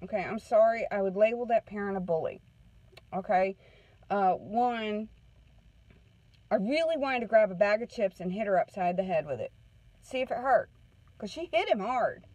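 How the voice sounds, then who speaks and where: A woman's voice: mid-range voice, animated, normal speed, long pauses, a little mellow, no echo, rough recording. A woman counselor giving a casual morning talk, chatting through a story and checking in with her listeners. Her voice sits in a middle range. It is recorded close and dry. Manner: chatty storytelling, keeps asking "okay?". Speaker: parenting counselor.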